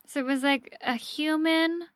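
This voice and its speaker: Animated woman telling a spooky story. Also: sits high, a little slow, no room sound, studio quality. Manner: animated, swears casually, acts out reactions. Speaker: podcast host telling a ghost story. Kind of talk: casual storytelling chat.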